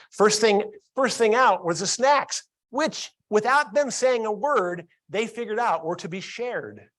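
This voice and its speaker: A man with a fairly high voice gives a training talk to a live audience. He tells a story and keeps turning to the crowd with questions. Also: expressive, moderate pace, a bit bright. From Columbus, Ohio. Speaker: workplace training speaker.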